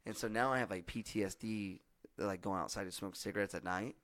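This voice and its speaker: A hoarse young man hosting a podcast, telling a long story in casual, profane chat with lots of fillers. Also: lowish voice, brisk, no room sound. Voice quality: husky. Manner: profane, rambling, animated storytelling with many fillers. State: hoarse from yelling. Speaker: podcast host.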